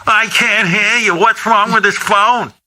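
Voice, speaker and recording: A man's voice: sits high, steady tone, measured pace, pushed and bright, slight background noise, pitched above the performer's own voice, exaggerated voice. A man voicing his frail, anxious elderly mother, with a shaking, quivering voice and confused questions. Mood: quavering, confused. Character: frail elderly woman, anxious, hard of hearing.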